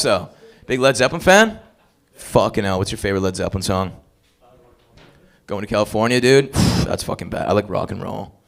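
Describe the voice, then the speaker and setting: Stand-up host, man, crude crowd-work, pitch jumping all over on a stage mic. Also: gravelly. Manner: crude, profane, crowd-working banter. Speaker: open mic host comedian. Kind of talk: stand-up comedy hosting. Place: comedy club stage.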